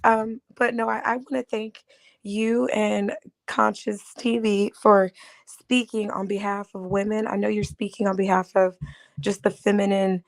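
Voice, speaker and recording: A woman speaking as a guest on a panel, earnest, with a raspy voice from a cold. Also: medium pitch, little pitch movement, a little slow. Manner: earnest, laughs between phrases. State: raspy voice from a respiratory illness. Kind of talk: casual panel discussion.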